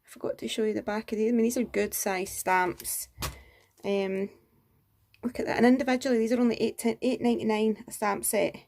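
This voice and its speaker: A woman showing off craft supplies in a chatty, gushing way, her voice sitting a little high with a gravelly fry running through it. She keeps exclaiming over each piece as she goes. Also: steady tone, a little fast, darkish tone, a little hiss or hum. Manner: gushing and enthusiastic, frequent exclamations. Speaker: craft vlogger. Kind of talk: casual show-and-tell review.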